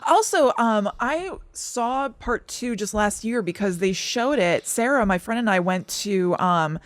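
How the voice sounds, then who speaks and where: A woman's voice: mid-range voice, expressive, measured pace, no echo. Agreeable woman co-host, dry close sound. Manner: agreeable, lots of short affirmations. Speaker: podcast co-host. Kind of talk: casual chat about films.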